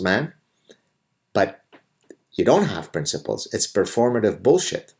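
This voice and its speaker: A man's voice: on the low side, very animated, unhurried, long pauses, darkish tone. A middle-aged man hosting a live audio chat, delivering a sarcastic, combative rant. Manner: sarcastic, combative, mocking put-on voices. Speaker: host.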